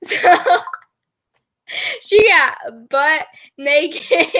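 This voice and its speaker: A woman's voice: high voice, drawn-out words, pauses often, bright, forceful tone. A young woman telling a rambling storytime story in a casual vlog, giggling often and full of filler words. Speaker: vlogger.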